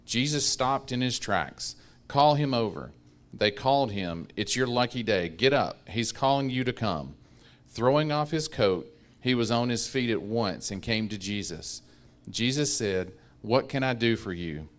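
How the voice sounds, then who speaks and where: A man in a church Bible class reading a modern scripture paraphrase aloud in a relaxed way. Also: medium pitch, unhurried.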